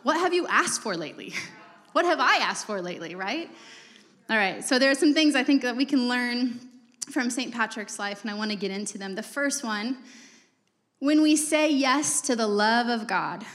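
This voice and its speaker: A woman's voice: a little high, expressive, normal speed, fairly bright tone. Casual young woman preaching in a hall. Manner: casual, conversational preaching with fillers and asides. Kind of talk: sermon.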